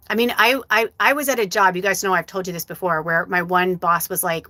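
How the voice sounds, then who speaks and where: A woman's voice: fairly low pitch, fairly quick, few pauses, dry recording. A woman hosting a live show as a psychic medium, talking frankly and with plenty of swearing as she tells a personal story. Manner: candid, profane, animated storytelling. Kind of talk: casual livestream talk.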